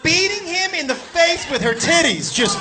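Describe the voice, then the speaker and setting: A man telling a crude, animated stand-up story on a club stage, shouting his punchlines. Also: extremely high pitch, moderate pace, over loud music. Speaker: stand-up comedian. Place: comedy club stage with laughing audience. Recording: live club recording with crowd noise.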